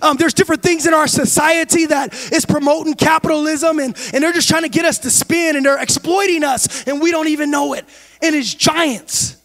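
High-voiced man preaching a sermon. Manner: preaching with swings from quiet to shouting and sing-song cadence. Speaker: pastor. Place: church sanctuary.

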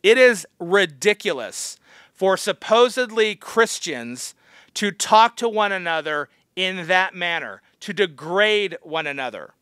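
A man's voice: high voice, lively intonation, measured pace, bright, forceful tone, clean tone, no echo, studio quality. A man teaching a Bible study as a pastor, blunt and harsh, scolding his listeners. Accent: American.

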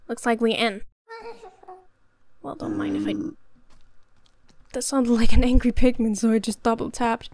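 A woman's voice: fairly high pitch, steady tone, measured pace, long pauses, noisy background. A young woman giving casual gameplay commentary, muttering to herself, swearing and getting exasperated. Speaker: gaming YouTuber. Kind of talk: casual let's-play commentary.

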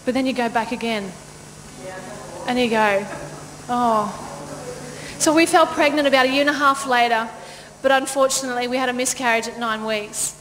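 A woman pastor telling a lively personal story in a sermon, laughing often and acting out the voices of the people in it. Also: fairly high pitch, moderate pace. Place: church auditorium. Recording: long church-hall reverb, faint noise.

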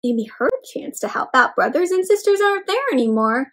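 A young adult woman doing an interactive read-aloud for kids, animated, gasping and asking the children questions. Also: sits high, fairly quick. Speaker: children's storyteller.

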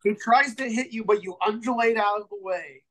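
A man narrating as game master in a tabletop game, relaxed and halting with many fillers. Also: high voice, poor audio.

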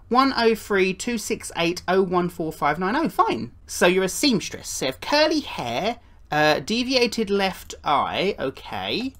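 A woman giving playful gameplay commentary, chatting and slipping into put-on voices for the characters. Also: fairly low pitch. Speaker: gaming YouTuber.

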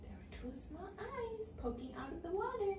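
A woman's voice: extremely high pitch, sing-song, normal speed. A woman teaching English to young children, reading a storybook aloud and asking them patient, simple questions. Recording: echoey room, far from the mic, faint noise.

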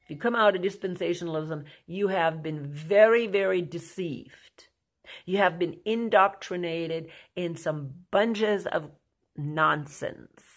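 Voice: mid-range voice, slow pace. An end-times prophecy teacher preaching to viewers in an emphatic way, with rhetorical questions and lots of "okay?" and "you know".

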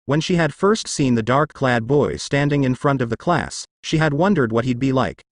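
Animated young man narrating fan fiction. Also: medium pitch, moderate pace, no room sound, studio quality.

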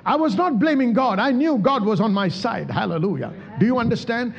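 A man's voice: extremely high pitch, lively intonation, a little fast, creaky, hardly any pauses, husky, big-room sound, muffled recording. A male pastor preaching a sermon, calling out to the congregation for responses and acting out prayers as he speaks. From India. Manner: preaching with emphatic calls to the church.

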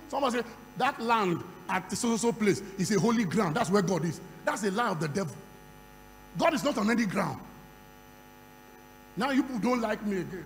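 A man preaching a sermon at a conference, moving from quiet storytelling to loud shouting. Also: high voice, animated, fairly quick, creaky, long pauses. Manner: acts out dialogue in a conversational storytelling voice. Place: large conference hall. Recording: reverberant hall with faint hum.

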